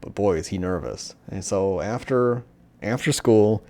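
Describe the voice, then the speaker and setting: A young man with a deep, low-pitched voice talks casually about a manga he has read. He rambles and fills his sentences with "like" and "um", and now and then slips into the characters' lines. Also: unhurried, warm tone. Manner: rambling, many fillers, acts out character lines. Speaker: manga reviewer. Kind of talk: casual solo discussion.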